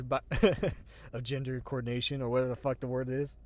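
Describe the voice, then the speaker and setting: An agender streamer chats casually at the end of a livestream, rambling, restarting sentences and laughing often. The voice sits at a middle pitch. It is recorded close and dry on a desk mic. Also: fairly quick, no echo. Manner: self-deprecating, restarts sentences. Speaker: streamer, show host.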